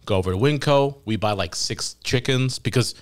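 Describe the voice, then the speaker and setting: A man's voice: mid-range voice, normal speed. A young man casually telling a long funny story on a podcast, acting out the voices of the people in it and laughing at times. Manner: animated storyteller quoting voices, laughing at his own story. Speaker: podcast guest.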